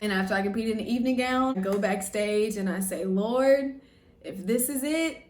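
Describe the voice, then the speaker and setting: A woman's voice: fairly high pitch, moderate pace, a little mellow, echoey room, distant mic. A young woman telling a personal story to camera in an emotional, effusive way, full of "like". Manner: emotional, effusive, heavy use of "like". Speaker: vlogger.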